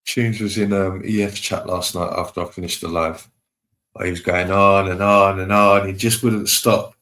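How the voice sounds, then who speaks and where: A man, chatting casually on a live stream, reading viewer comments aloud and giving relaxed shout-outs. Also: low voice, moderate pace.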